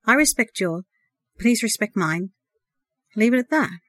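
A woman reading the lines of a calm young man who firmly refuses to argue any further. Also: on the high side, a little slow, no room sound, clean studio sound. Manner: quiet, firm, curt.

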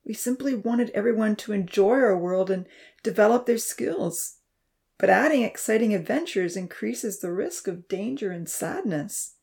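A woman voicing a grieving old male professor who speaks softly and sorrowfully. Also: mid-range voice, lively intonation, moderate pace, creaky, voice pushed up. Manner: sorrowful, soft and hushed.

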